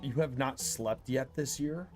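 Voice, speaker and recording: A man's voice: mid-range voice, measured pace, a little mellow, soft background music. A man chatting casually as a guest on a co-op gaming stream, easygoing and hedging as he talks.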